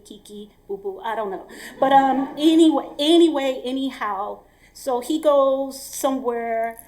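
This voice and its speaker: A woman tells a personal story live on stage into a microphone. Her voice sits a little high, and she takes her time, moving slowly from beat to beat. She speaks casually and frankly, with many fillers and repeated words. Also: darkish tone.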